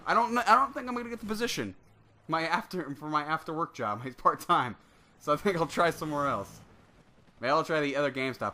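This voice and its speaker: A man's voice: mid-range voice, bright, forceful tone, a little hiss or hum. A young man giving casual solo game commentary, telling a rambling, profanity-laced story. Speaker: gameplay commentator.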